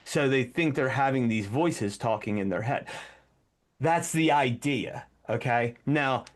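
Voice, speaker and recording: A man's voice: medium pitch, measured pace. A man co-hosting a podcast, chatting casually and animatedly, breaking into acted-out commands as he explains. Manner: animated, acts out commands mid-sentence. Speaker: podcast co-host.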